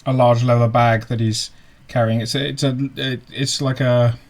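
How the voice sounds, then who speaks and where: A man narrating as game master, halting with many ums and restarts. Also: mid-range voice, level tone. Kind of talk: narrating a tabletop game online.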